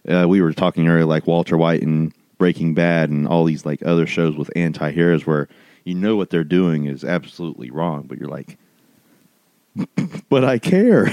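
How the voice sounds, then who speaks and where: Deep-voiced man chatting, rambling. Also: mellow, dry recording. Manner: laughs often, rambling with fillers. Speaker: podcast co-host. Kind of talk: casual chat.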